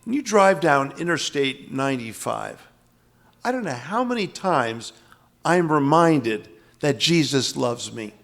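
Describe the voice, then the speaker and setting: A man's voice: a little high, very animated, a little slow, creaky, a bit bright. An older man from the US East Coast giving an emphatic, dramatic lecture on scripture, repeating key phrases for weight. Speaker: spiritual teacher.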